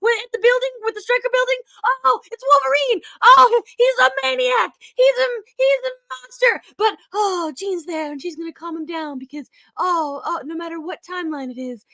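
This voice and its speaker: A woman co-hosting a podcast, recapping a movie in a rambling, excitable, playful way. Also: extremely high pitch, normal speed, gravelly, hardly any pauses, no room sound. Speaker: podcast co-host recapping a film. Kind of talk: casual podcast chat.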